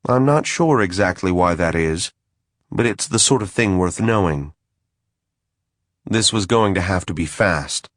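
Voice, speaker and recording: A man's voice: low voice, animated, measured pace, pauses often, fairly bright tone, no room sound. A man reading a first-person fantasy audiobook in a dry, wry manner. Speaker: audiobook narrator.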